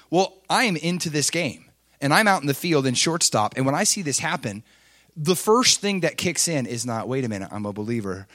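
A middle-aged man preaching, telling a personal story with swings between loud intensity and quiet confession. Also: fairly high pitch. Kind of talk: sermon storytelling.

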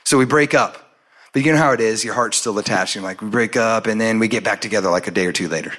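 A man preaching a sermon and telling a personal story, acting out the voices in it with lively storytelling. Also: lowish voice, fast. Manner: animated storytelling, acts out his own and God's lines.

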